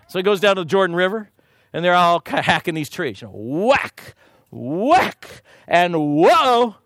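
A middle-aged man preaching a sermon, telling stories in an animated way and dropping to a hushed voice for prayer. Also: high-pitched, moderate pace, no room sound, studio quality. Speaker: pastor.

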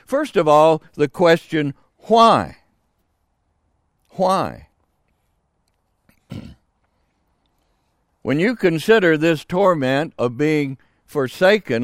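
An older man preaching a sermon, slow and emphatic with dramatic pauses. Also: on the high side, no room sound, clean studio sound.

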